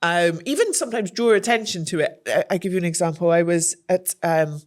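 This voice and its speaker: Animated woman telling stories in an interview. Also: on the low side, brisk. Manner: animated storyteller who acts out quoted voices and gasps. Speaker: guest, journalist and presenter. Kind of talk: candid interview talk, telling anecdotes.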